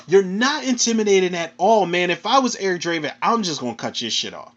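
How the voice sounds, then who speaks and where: A man with a Philadelphia accent rants through a film review in a loose, profane, animated way, ending his sentences with "man." His voice sits a little high for a man. The recording sounds dull and lo-fi. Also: fairly quick. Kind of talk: casual film review rant.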